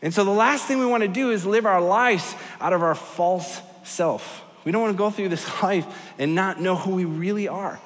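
A male pastor with a high voice, preaching in a large church auditorium. He tells his story in a joking, animated way, and his words carry a long reverb. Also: normal speed, few pauses. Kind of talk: sermon with a comic story.

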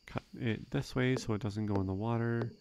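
A young man giving relaxed, rambling gameplay commentary, thinking aloud with frequent fillers. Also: medium pitch, normal speed, background noise. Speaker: let's play gamer.

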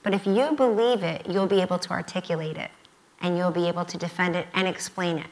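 A woman's voice: lowish voice, steady tone, fast talker, poor audio. A woman in her fifties speaking on stage at a student conference, emphatic and repeating key phrases. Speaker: guest speaker. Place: university event stage.

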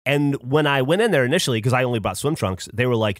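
A man on a podcast spinning a story in loose, casual chat, his pitch jumping all over as he gets into it. He swears freely and keeps the energy up. The sound is dry and close, with no room around it. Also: expressive, very fast, few pauses, no room sound. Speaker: podcast co-host.

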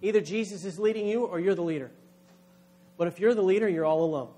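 A man's voice: high-pitched, fast talker, mellow. A man, a pastor, preaching a sermon with emphatic delivery, acting out quoted voices.

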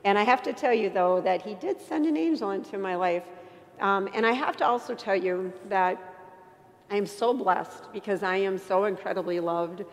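A woman giving an earnest, emotional faith testimony to an audience, with self-deprecating humor and halting restarts. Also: mid-range voice. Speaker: inspirational speaker. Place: church. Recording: long church reverb.

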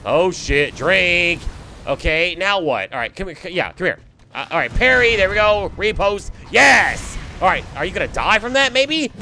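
A young man giving excitable, swearing let's play commentary while he fights through a game. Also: sits high, moderate pace, slight background noise. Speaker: gameplay commentator.

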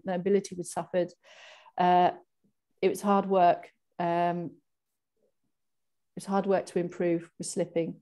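A woman's voice: medium pitch, warm tone. A chatty woman hosting an online class celebration, reading messages aloud over a video call. She often restarts her sentences and has a mid-range voice. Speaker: online exercise class host.

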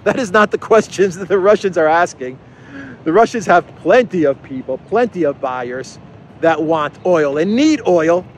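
A man's voice: sits high, animated, normal speed, a little hiss or hum. A man giving opinionated political commentary as host, emphatic and scornful, with frequent fillers and short chuckles.

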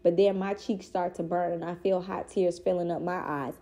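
Female reader, children's book read-aloud, mellow and warm, steady and expressive. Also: lowish voice, normal speed.

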